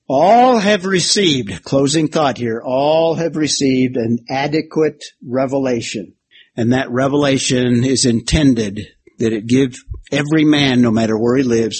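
A man's voice: medium pitch, a little mellow, husky. A man preaching and teaching through a Bible passage verse by verse, building an alliterative outline on a board and bantering with his listeners. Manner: expository, uses a whiteboard and alliteration, jokes with the class. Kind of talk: sermon-style Bible teaching.

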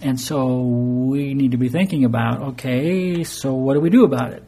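A man's voice: medium pitch, moderate pace, vocal fry, mellow, a little hiss or hum. A man preaching an earnest, explanatory sermon, sometimes stumbling into fillers and restarts. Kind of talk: sermon teaching.

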